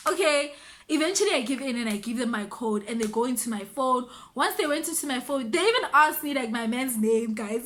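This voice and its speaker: A young woman with a South African accent telling a story on her vlog, animated and quick to act out the other people's voices. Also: high voice, a little hiss or hum. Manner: animated, switches between voices, mixes in local words. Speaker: vlogger. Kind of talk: casual storytime.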